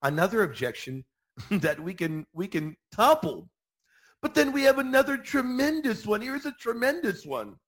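A man hosting Catholic radio, teaching with fervent, repeated emphasis. His voice sits a bit high and swings widely in pitch. He slips into mock voices to act out objectors. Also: moderate pace. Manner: emphatic, animated, repeats key phrases with bursts of enthusiasm. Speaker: Catholic radio show host answering listener questions. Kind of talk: energetic apologetics teaching.

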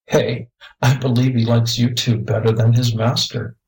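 A man's voice: medium pitch, flat delivery, moderate pace, a little mellow, natural voice, poor audio. Give me a man playing a friendly, easygoing freighter crewman. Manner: easygoing, chuckling. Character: tall spidery friendly male crewman.

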